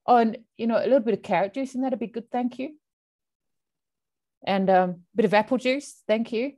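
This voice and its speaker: A woman's voice: a little high, a little fast, pitched above the performer's own voice, lightly acted. A woman voicing an elated, chatty female horse who gives cheeky orders about her food. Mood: bossy. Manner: giddy, excited, giving cheeky orders.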